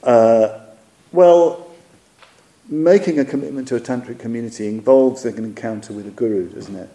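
A man giving a dharma talk, reflective and measured, often pausing on fillers while he searches for words. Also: mid-range voice, warm tone. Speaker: Buddhist teacher. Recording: echoey hall.

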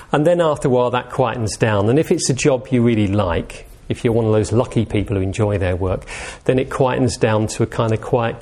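A man teaches a meditation class in an easy, conversational way. He speaks gently and keeps turning statements into questions for his listeners. His voice sits at an ordinary middle pitch. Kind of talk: informal dharma talk.

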